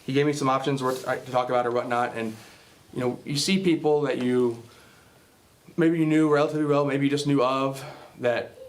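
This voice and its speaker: A man's voice: mid-range voice, fairly even intonation, a little fast. A man speaking to a Bible class, retelling a film scene in a rambling, casual way to draw a moral. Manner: rambling, many fillers and restarts.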